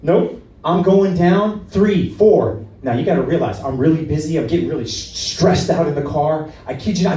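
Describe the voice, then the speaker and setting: A man telling a driving story as stand-up comedy, acting out shouts and asides to the audience. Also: fairly high pitch, brisk, echoey room, far from the mic, poor audio.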